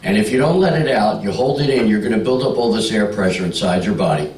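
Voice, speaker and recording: A male stand-up comic working a club crowd, brash and teasing, his pitch swinging up and down as he sells each joke. He sounds a bit off the mic, with an echoey room around him. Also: expressive, fast talker, a little mellow, far from the mic. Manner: brash, teasing, bawdy banter with the audience. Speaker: stand-up comedian. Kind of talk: stand-up comedy with crowd work. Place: comedy club stage.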